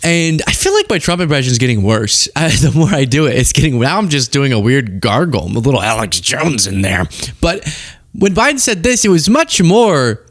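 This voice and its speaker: Young male political commentator; lively, sarcastic, quick to laugh; close dry studio sound. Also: mid-range voice, no room sound. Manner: animated, sarcastic, laughs often.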